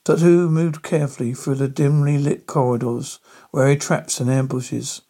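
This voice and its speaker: A man reading a spooky story aloud in a halting manner, stumbling over words. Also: mid-range voice, steady tone, dark tone. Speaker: narrator.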